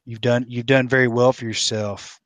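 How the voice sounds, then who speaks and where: A man's voice: mid-range voice, level tone, moderate pace, no room sound. A man hosting an interview, talking in an earnest, encouraging way with his guest. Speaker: podcast host. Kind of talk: casual interview chat.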